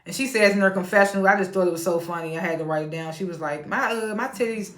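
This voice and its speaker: A woman's voice: on the low side, steady tone, rapid-fire, a bit bright. A woman hosting a casual recap of a reality show, chatty and laughing often as she retells the scenes. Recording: roomy echo.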